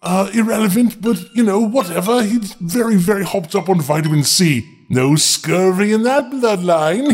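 A high-voiced man reads a fairy tale with a very lively, up-and-down delivery. He keeps stopping to make sarcastic jokes, and faint music plays behind him. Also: normal speed, hardly any pauses. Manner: sarcastic, joking interruptions. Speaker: storyteller host. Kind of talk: fairy tale reading with comic asides.

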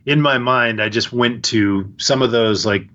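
A man's voice: mid-range voice, measured pace, fairly bright tone, muffled recording. A man talking casually on a podcast in an easygoing way, with short agreeing replies. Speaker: author, podcast host.

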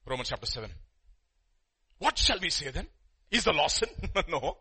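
Husky preacher with lively swings. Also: male voice, fairly high pitch, measured pace, long pauses. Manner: storytelling with sudden loud emphatic bursts. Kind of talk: sermon.

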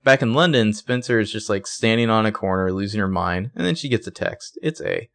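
A man's voice: lowish voice, a little fast, creaky, few pauses, a bit bright, dry recording. A man co-hosting a casual TV recap podcast, chatting with dry, sarcastic asides. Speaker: podcast co-host.

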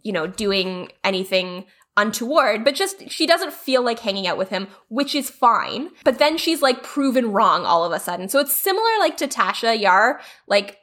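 A woman's voice: fairly high pitch, sing-song, moderate pace, few pauses, fairly bright tone. A woman co-hosting a podcast, chatting casually about a TV episode with many fillers and laughs. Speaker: podcast co-host. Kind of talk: casual chat recapping a TV episode.

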